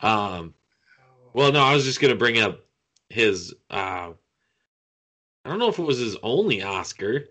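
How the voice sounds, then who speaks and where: Slow, bright-toned man on a podcast. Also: lowish voice, big pitch swings. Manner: hesitant, fills pauses with uh and um. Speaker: podcast co-host. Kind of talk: casual film-discussion chat.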